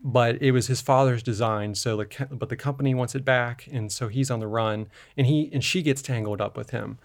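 A man's voice: mid-range voice, brisk. A man co-hosting a film podcast, recapping a movie in a rambling, casual way with lots of fillers and restarts. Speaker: podcast co-host.

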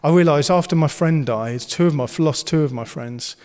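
A man's voice: on the high side, moderate pace, a little mellow, long reverb tail. A man preaching a sermon, earnest and encouraging, and he slips into playful banter. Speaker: pastor.

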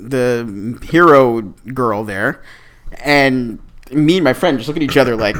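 A man's voice: medium pitch, unhurried, fairly bright tone. Enthusiastic male podcast guest. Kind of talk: casual chat.

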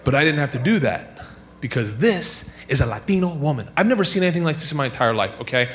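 A man doing a stand-up comedy set, telling stories animatedly and jumping into high squealing character voices. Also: big pitch swings, fast, a bit bright, a little hiss or hum. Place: comedy club stage.

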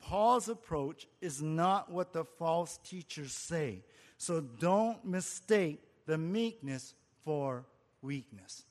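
A man's voice: a little high, long reverb tail. A man preaching an expository sermon in an earnest, conversational way, asking his listeners rhetorical questions. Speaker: pastor.

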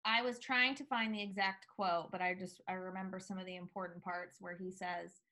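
A woman's voice: mid-range voice, fairly even intonation, normal speed, sharp tone. A woman chatting casually as a podcast co-host, recapping a TV episode with lots of fillers.

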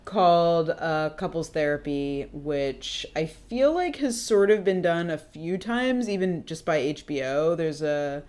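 A woman's voice: sits low, animated, a little slow, few pauses, a little mellow. A woman co-hosting a podcast, chatting casually with many fillers and frequent laughs. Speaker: podcast co-host. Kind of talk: casual chat.

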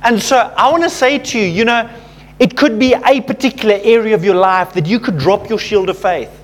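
A man with a notably high voice delivers a sermon to a congregation. He talks casually, with plenty of fillers, and turns personal stories into gentle lessons. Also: brisk. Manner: conversational, self-deprecating storytelling with fillers. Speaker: pastor.

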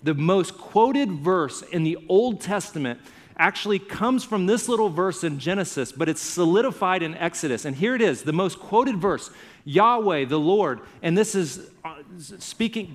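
A pastor preaching a sermon with earnest emphasis, repeating words and phrases to drive his point home. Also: sits high. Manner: earnest, builds to fervent emphasis then drops to hushed intensity.

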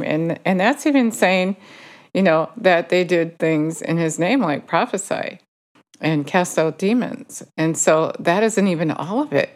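A woman's voice: deep voice, unhurried. A woman giving an informal Bible teaching, speaking conversationally and correcting herself as she quotes scripture. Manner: conversational, self-correcting while quoting scripture. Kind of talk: informal sermon.

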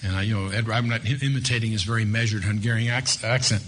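A man's voice: fairly low pitch, steady tone, fast, fairly bright tone, a little hiss or hum. A man leading an evening Bible study in a conversational way, reading scripture aloud with rising emphasis. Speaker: Bible teacher.

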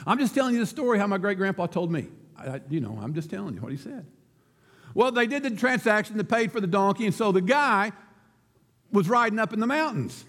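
A man's voice: high-pitched, big pitch swings, fairly quick, a bit bright, big-room sound. A man preaching a sermon as pastor, telling a folksy story and laughing at his own joke.

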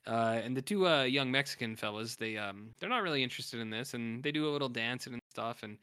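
A man with a bright, tense voice retells a film's plot for a podcast, chatting casually and now and then putting on quick voices for its characters. The sound is dry and close, with no room around it. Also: medium pitch, smooth, dry recording. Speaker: podcast co-host. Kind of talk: casual film recap chat.

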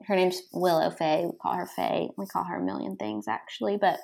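A woman's voice: fairly low pitch, fairly even intonation, a little fast, vocal fry, darkish tone. A young adult woman guesting on a podcast, chatting casually, gushing and rambling with laughs. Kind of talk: casual chat.

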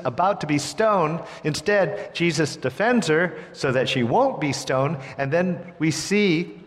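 Expressive male preacher in a reverberant hall. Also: a little high. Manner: expressive, swings between hushed and emphatic delivery. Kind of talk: sermon.

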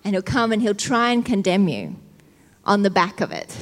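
A woman's voice: mid-range voice, very animated, normal speed. A woman preacher giving a sermon in an emotional, fervent but conversational way. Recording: long hall reverb.

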